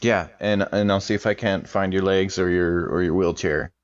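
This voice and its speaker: A man's voice: low voice, fairly even intonation, moderate pace, natural voice. A man playing a laid-back young man in a role-play, talking casually with fillers like "like" and "dude". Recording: slightly muffled lo-fi mic.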